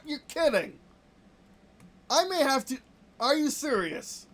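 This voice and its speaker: A gameplay host narrates a flight sim session live, swinging wildly up and down in pitch as they rant. Frustration boils over into yelled complaints and the same questions fired at the screen again and again. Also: sing-song, slow pace. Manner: frustrated, yelling complaints at the game; talks to the screen in short, repeated outbursts.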